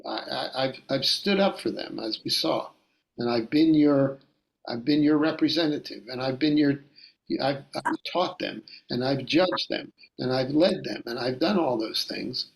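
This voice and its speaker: A man's voice: mid-range voice, a little slow, creaky, rough recording. A man teacher voicing an exasperated, weary male leader who pleads with God about his burden.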